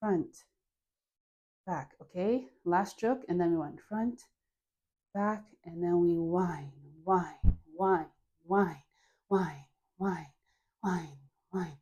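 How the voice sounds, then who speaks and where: Mellow, unhurried Caribbean woman coaching dance. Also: fairly low pitch. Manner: relaxed, counts moves and sighs through breaths; playful, laughs at her own jokes. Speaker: dance instructor. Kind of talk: guided dance class.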